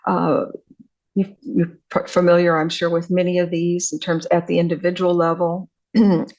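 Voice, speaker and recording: An older woman with a somewhat low voice gives an academic lecture. She talks in a halting way, full of fillers and restarts. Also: monotone, darkish tone, highs cut off. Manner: hesitant, many fillers and restarts. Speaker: visiting scholar lecturer.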